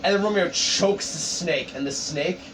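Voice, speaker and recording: A man narrating a story pitch in a rambling, profane, casual way with lots of fillers. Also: normal speed, a crowd in the background. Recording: distant mic, background noise.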